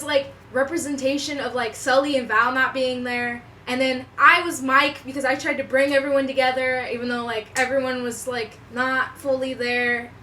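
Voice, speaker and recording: Young woman ranting about a movie, high bright voice, kinda far from the mic with some hiss. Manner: profane, animated, slangy storytelling. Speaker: vlogger. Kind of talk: casual storytime chat. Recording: voice a bit off-mic with faint room noise.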